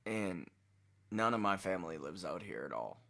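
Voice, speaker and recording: A man giving casual reaction commentary, with slow, drawling asides and plenty of swearing. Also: deep voice, very animated, vocal fry, bright, forceful tone. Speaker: reaction video host.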